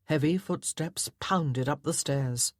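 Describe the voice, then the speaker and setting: A woman's voice: low-pitched, slow, no room sound, clean studio sound. A woman narrating a historical romance audiobook in a dramatic, tense storytelling manner. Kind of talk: scripted narration.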